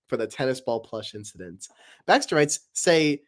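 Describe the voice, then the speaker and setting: A woman's voice: very deep voice, expressive, a little slow, long pauses. A woman chatting casually and answering viewer voice requests, giggling and rambling between them. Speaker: voice-request streamer. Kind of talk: casual Q&A chat.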